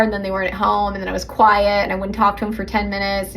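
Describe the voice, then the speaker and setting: A woman's voice: mid-range voice, fairly even intonation, racing, creaky, few pauses, fairly bright tone, a little hiss or hum. A woman hosting a podcast as a relationship coach, talking casually and conversationally, laughing easily and acting out sample dialogues.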